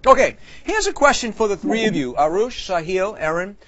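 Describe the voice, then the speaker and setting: Jokey priest quiz host, high bouncy voice, excitable, dull studio sound. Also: male voice, moderate pace, soft background music. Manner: jokey, animated, shouts excitedly. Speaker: priest and game show host. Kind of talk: lively game show hosting. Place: TV studio with audience.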